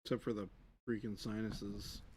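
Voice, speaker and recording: Deadpan male co-host with dry comebacks. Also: fairly low pitch, moderate pace, slightly rough. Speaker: livestream co-host, painter. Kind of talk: casual banter while painting.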